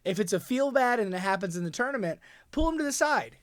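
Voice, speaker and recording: A man hosting a casual podcast chat, animated and swearing freely, jumping into loud acted-out voices of other players. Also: high-pitched, no room sound, studio quality. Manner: swears freely, fast and loose. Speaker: podcast host.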